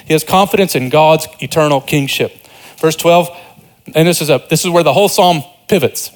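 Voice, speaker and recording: A man preaching a sermon, earnest and emphatic, with speech, rising to stress points and dropping to quiet asides. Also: on the high side, a little fast. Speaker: pastor.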